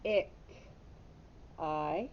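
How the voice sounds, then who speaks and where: A woman teacher giving a patient phonics lesson to young children, stopping to correct her own slips. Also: very slow. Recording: dull lo-fi audio with faint rumble.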